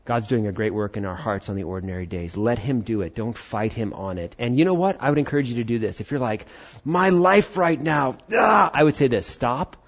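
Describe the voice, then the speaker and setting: A man's voice: lowish voice, fast talker, hardly any pauses. Earnest preacher man, muffled sound. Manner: earnest, animated preaching with rising emphasis. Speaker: pastor. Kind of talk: sermon. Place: church service.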